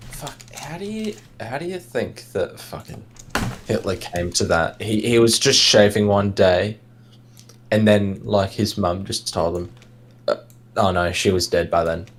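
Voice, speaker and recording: A man's voice: lowish voice, expressive, measured pace, background noise. A man in casual chat on a stream, joking, swearing and laughing often.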